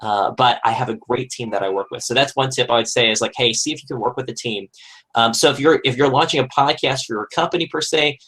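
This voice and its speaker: Man, mid-pitch, easygoing panel guest, chatty with fillers and restarts. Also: fast talker, a bit bright, husky, rough recording. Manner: conversational, frequent fillers and restarts. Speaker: podcast host, guest panelist. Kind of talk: casual panel discussion.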